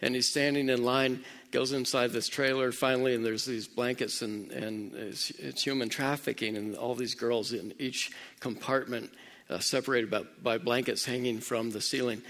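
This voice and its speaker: A man's voice: medium pitch, fairly even intonation, moderate pace, fairly bright tone. A man casually retelling a film's plot, chatting straight to his listeners. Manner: conversational, speaks straight to listeners.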